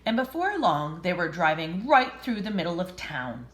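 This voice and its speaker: A woman reading a picture book aloud to children, expressive, with chatty asides. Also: fairly low pitch, moderate pace, roomy sound. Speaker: storybook reader.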